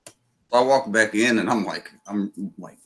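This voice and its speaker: A man's voice: on the low side, normal speed. A man hosting a livestream, telling rambling, profane stories in casual chat. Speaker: livestream host.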